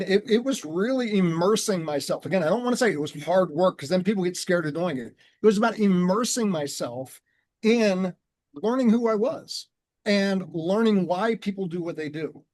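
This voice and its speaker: A man telling his story in an earnest, measured way and slowing down on key words, as a guest on a conversational show. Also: high-pitched, animated, a little mellow. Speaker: guest, transformation coach.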